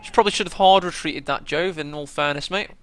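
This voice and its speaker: A man casting a strategy game match, chatty play-by-play that bursts into excitement at big moments. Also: fairly high pitch, fast talker, clean tone, no room sound. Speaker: game caster.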